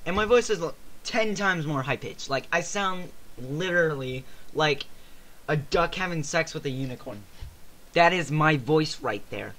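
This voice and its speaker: A man's voice: a little high, expressive, a little slow, a bit bright. A young man co-hosting a casual podcast, rambling and swearing, his voice cracking often. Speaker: podcast co-host. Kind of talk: casual chat.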